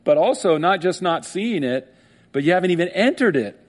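A man's voice: high voice, animated, normal speed. A man preaching a sermon in a conversational way, laughing often and acting out the voices of people he quotes. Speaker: pastor.

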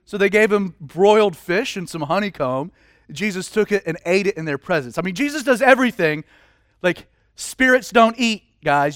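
A man preaching a sermon in a casual, animated way, with humorous asides. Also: sits high, moderate pace, dry recording, studio quality. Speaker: pastor.

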